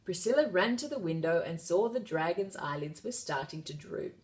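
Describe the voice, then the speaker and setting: A woman reading a children's picture book aloud, narrating in a lively, expressive way. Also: lowish voice, normal speed. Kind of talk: storybook read-aloud narration.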